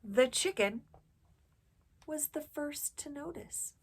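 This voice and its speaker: Storytime lady reading to little kids, slow, breathy, lots of ups and downs, asks them questions. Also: high voice, lively intonation. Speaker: children's storytime host. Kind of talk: read-aloud storytelling for children.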